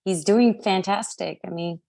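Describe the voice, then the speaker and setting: A woman's voice: medium pitch, a little slow, vocal fry, a little mellow. A woman in her thirties sharing her family's story on a video call, often laughing and apologizing as she loses track of dates. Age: 30s. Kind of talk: casual video call testimonial.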